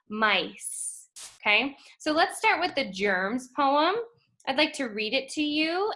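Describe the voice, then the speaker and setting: A woman teaching a phonics lesson to first graders, speaking slowly and clearly and stretching out letter sounds. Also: fairly high pitch, bright, forceful tone. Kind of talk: phonics lesson for young children.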